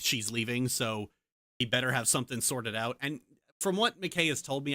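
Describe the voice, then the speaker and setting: A woman's voice: extremely low pitch, a bit bright, no room sound. A woman streamer in casual chat, ranting heatedly and swearing a lot.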